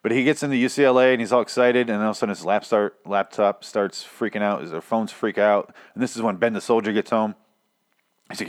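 A young TV recap podcaster talks briskly in a lowish voice, rambling through an episode, swearing often, tripping over his words and poking fun at himself.

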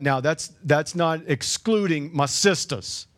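A man's voice: on the high side, normal speed. A man preaching a sermon as the pastor, conversational, with joking asides to the congregation and frequent repeated words.

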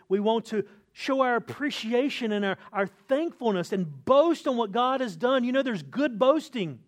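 High-voiced earnest male pastor preaching. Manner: earnest preaching, slows and lifts voice for emphasis. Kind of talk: sermon.

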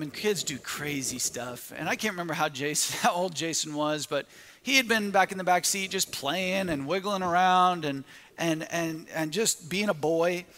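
A man's voice: fairly high pitch, sharp tone, big-room sound. A man preaching a sermon, telling a story with quoted asides and frequent restarts.

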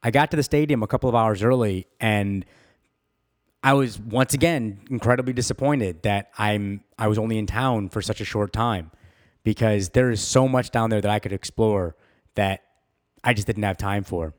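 A man's voice: fairly low pitch, normal speed. A man hosting his own podcast, talking enthusiastically and self-deprecatingly, with frequent laughs. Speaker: podcast host. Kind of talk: solo podcast monologue.

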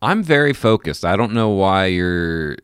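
A man's voice: deep voice, sing-song, a little slow, clean tone. A man co-hosting a casual culture podcast, joking and restarting his sentences as he talks. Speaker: podcast co-host. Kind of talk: casual chat. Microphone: remote call mic.

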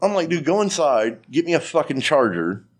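A man's voice: a little high, normal speed. A man telling a long story in a casual chat, swearing freely and acting out the dialogue. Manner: profane, animated storytelling with quoted dialogue.

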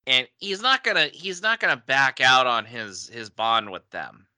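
A man in relaxed podcast talk, his voice bright and forward with a slow, unhurried pace. He laughs easily and trips over repeated words as he thinks aloud. The sound is close and dry, with no room around it. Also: mid-range voice, no echo. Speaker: podcast co-host. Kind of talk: casual chat.

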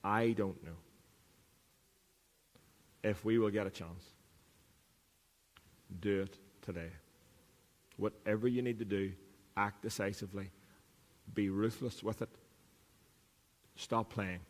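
A man's voice: lowish voice, steady tone, a little slow, pauses often, in a large hall. A man preaching a sermon as pastor, earnest, repeating key lines for emphasis. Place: church.

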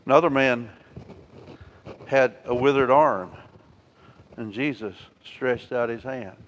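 A man preaching a sermon as pastor, acting out scripture with lively emotion and addressing the congregation. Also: medium pitch, slow. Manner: animated, acts out scripture with rising emotion. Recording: long church reverb.

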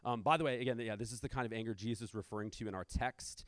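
A man's voice: mid-range voice, rapid-fire, no echo. Male pastor, conversational sermon delivery, rhetorical asides, dry recording.

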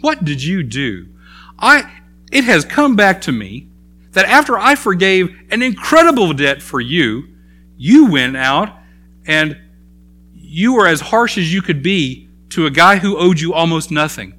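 Casting: preacher playing a stern rich master, reproachful, forceful, slightly high. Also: male voice, sing-song, unhurried, full character voice. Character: stern wealthy male master confronting a servant.

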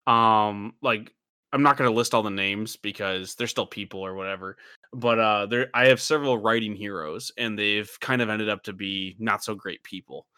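A man's voice: fairly low pitch, moderate pace, sharp tone, smooth, no echo, clean studio sound. A young man hosting a casual podcast chat, rambling with many fillers and frequent laughs. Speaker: podcast host.

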